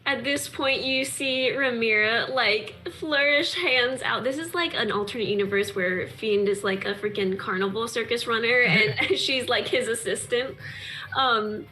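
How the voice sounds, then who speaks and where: A woman's voice: on the high side, unhurried, sharp tone. A woman describing her character's actions in a tabletop game, chatty and laughing often. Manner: chatty, laughing, lots of likes. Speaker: player. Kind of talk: casual tabletop game narration.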